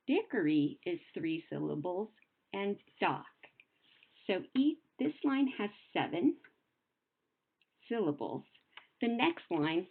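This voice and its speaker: A young adult woman teacher explaining poetry to children in a patient, sing-song way, slowing down to sound out words. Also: lowish voice, very animated, creaky, slightly rough. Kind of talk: recorded classroom lesson. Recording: phone-like narrow sound.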